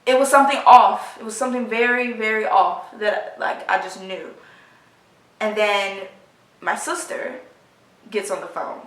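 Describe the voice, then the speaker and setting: A woman of about twenty, telling a personal story in a halting, emotional way full of fillers, recorded in her apartment. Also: medium pitch, fairly even intonation, fairly bright tone, distant mic. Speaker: vlogger. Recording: roomy sound, voice from off the mic.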